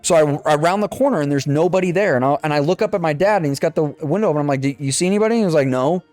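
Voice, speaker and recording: A young man recounting a story in a loose, animated way, swearing a lot and playing every part of the dialogue himself. His voice sits a little high for a man, and there's faint music underneath. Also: rapid-fire, no room sound. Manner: swears freely, animated retelling with quoted dialogue. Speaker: podcast co-host. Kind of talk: casual storytelling chat.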